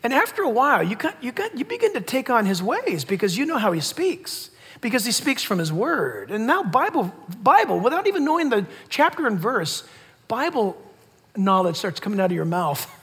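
A man's voice: very high voice, very animated, moderate pace, a bit bright, husky. A man preaching a sermon as pastor, emphatic, repeating key words and laughing between points. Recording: long hall reverb.

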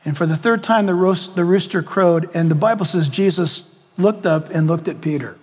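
Male pastor, dramatic sermon, high voice, church hall reverb. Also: normal speed, darkish tone. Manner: dramatic storytelling with direct questions to the congregation.

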